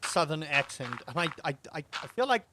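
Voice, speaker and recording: Young guy streamer rambling to chat while he plays, slightly high voice, noisy background. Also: very animated, fairly quick. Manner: rambling, self-amused, talks to chat and to the game. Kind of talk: casual gameplay livestream chat.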